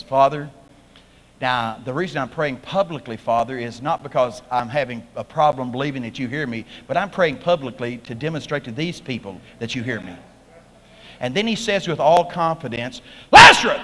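Man, revival preacher, high bright voice, shouts for effect, reverberant church hall. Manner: animated storytelling, bursts into shouting. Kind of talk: revival sermon. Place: large packed church hall.

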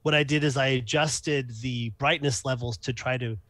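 A man's voice: mid-range voice, fairly even intonation, normal speed, fairly bright tone, dry recording. A man co-hosting an astronomy livestream, easygoing and hesitant, with many fillers. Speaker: amateur astronomer co-host. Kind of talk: casual livestream talk.

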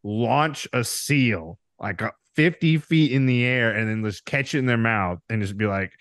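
A man's voice: medium pitch, moderate pace, no room sound. A man co-hosting a podcast, ranting in casual chat with lots of swearing. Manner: animated ranting, heavy swearing. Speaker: podcast co-host.

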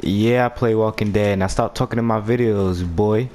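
A young man giving goofy, slang-filled commentary while playing a game, swinging between loud outbursts and low mumbles. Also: steady tone, normal speed, a little hiss or hum. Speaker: gameplay streamer. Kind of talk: comedic gameplay commentary.

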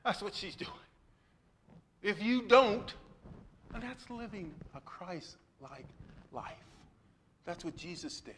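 Bright, lively male pastor preaching. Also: sits high, takes it slowly, long pauses, a little hiss or hum. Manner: animated preaching with sudden loud exclamations and asides to the congregation. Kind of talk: sermon. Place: church sanctuary.

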